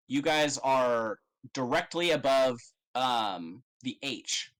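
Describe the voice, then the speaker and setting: A man's voice: medium pitch, expressive, slow, a bit bright, smooth, low-quality recording. A man narrating as game master in a casual, rambling way with many fillers.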